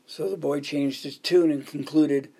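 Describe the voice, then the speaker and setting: A man's voice: a little high, fairly even intonation, a little slow, creaky, warm tone, breathy edge. A man preaching a sermon, telling joke anecdotes and counting off his points in order. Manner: jokey storytelling, counting off points. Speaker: pastor.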